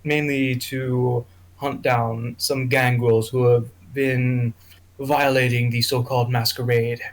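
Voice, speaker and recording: A man's voice: mid-range voice, little pitch movement, slow, natural voice. A man playing a confident vampire ally. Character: scheming male vampire ally. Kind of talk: tabletop role-play in character.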